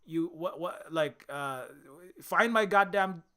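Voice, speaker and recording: A man's voice: sits high, takes it slowly, pushed and bright, smooth, full character voice. A man voicing a bitter ex-guerrilla fighter in an aggrieved, accusing tone. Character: bitter middle-aged male ex-guerrilla fighter.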